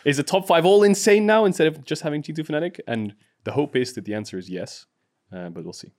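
A man co-hosting an esports podcast, chatting quickly and casually. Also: fairly high pitch, animated, darkish tone. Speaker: podcast co-host and caster.

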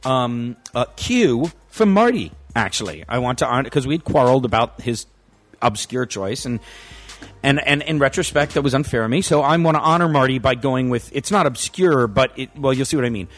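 Man, podcast co-host, lively swooping pitch, rambling, self-correcting. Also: fairly quick, faint music behind. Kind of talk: casual chat.

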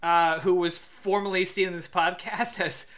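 A man's voice: sits high, fairly even intonation, moderate pace, fairly bright tone. A man co-hosting a podcast in casual chat, joking and swearing freely. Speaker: podcast co-host.

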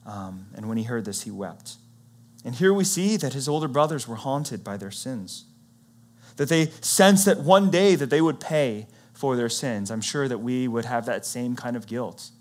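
A man preaching, retelling a Bible story in a conversational, animated way and acting out what the characters say. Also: mid-range voice, normal speed. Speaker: pastor.

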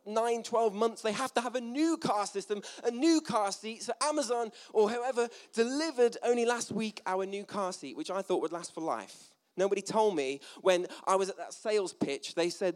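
A man's voice: sits high, normal speed, hardly any pauses. A British man giving a sermon in a church hall, chatty and self-deprecating, with jokey asides. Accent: British English. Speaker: preacher. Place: church hall with a gathered audience.

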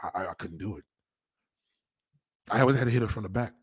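A man's voice: on the low side, fast, husky, no echo, clean studio sound. A man hosting a livestream, ranting crudely and brashly to his chat and sliding into mocking voices. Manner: brash, profane, lapses into mock voices. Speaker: livestream host.

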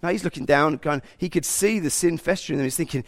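A man preaching a sermon, animated and sometimes speaking God's thoughts aloud. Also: on the high side, fast, hardly any pauses. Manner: animated, acts out God's inner voice.

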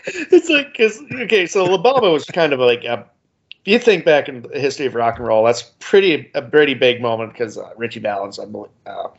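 A man's voice: medium pitch, big pitch swings, a little fast, gravelly, slightly rough, highs cut off. A man in his forties co-hosting a casual podcast chat, rambling with many "like"s and chuckling. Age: 40s. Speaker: podcast co-host.

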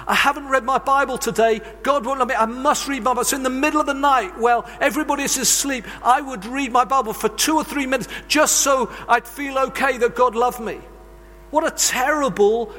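A man's voice: extremely high pitch, sharp tone. A man preaching a sermon, telling earnest, confessional stories from his own life. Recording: long reverb of a large hall.

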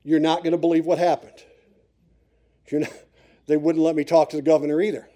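A man's voice: fairly high pitch, level tone, fairly quick, dark tone. A middle-aged man from Pennsylvania preaching a sermon, telling a funny personal story and teasing the congregation with repeated suspenseful lines. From Pennsylvania, USA.

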